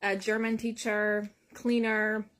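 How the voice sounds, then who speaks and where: A woman's voice: mid-range voice, little pitch movement, slow, fairly bright tone. A woman from Iran telling a personal story in a plain, matter-of-fact way. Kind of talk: casual spoken storytelling. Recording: clear background noise.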